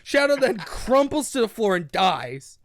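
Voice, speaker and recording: A man's voice: extremely high pitch, sing-song, measured pace, a crowd in the background. A man co-hosting a casual online talk show, recapping a childhood book in a rambling, profane way and slipping into goofy character voices. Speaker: podcast co-host.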